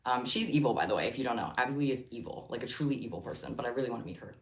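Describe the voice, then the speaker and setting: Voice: mid-range voice, lively intonation, racing. A livestream host chatting casually while crafting, giggly and rambling off on tangents. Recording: roomy echo.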